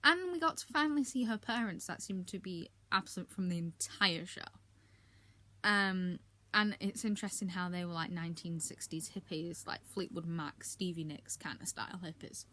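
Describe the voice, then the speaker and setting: A woman's voice: on the low side, moderate pace, pushed and bright. A woman giving a casual, candid wrap-up of her monthly reading, chatty with frequent filler ums and blunt asides. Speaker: book reviewer.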